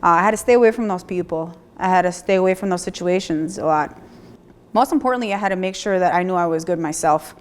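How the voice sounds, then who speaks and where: A woman in her thirties telling her own story of recovery, speaking candidly with halting restarts and repeated phrases. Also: on the low side. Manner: plainspoken, occasional mild swearing. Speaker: person sharing a recovery story. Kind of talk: personal testimony, candid and conversational.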